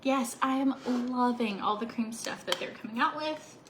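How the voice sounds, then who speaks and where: A woman's voice: on the high side, normal speed, noisy background. Bubbly chatty woman in an echoey room. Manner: chatty, bubbly, rambling with frequent likes and laughs. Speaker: vlogger. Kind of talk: casual chat to camera. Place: home office. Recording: echoey room with faint background ambience.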